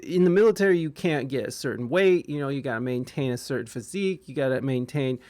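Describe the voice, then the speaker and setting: A man's voice: mid-range voice, fast, darkish tone, no echo. A man from Ohio hosting a casual podcast chat, talking in a profane, rambling way with many stammers and restarts. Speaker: podcast host.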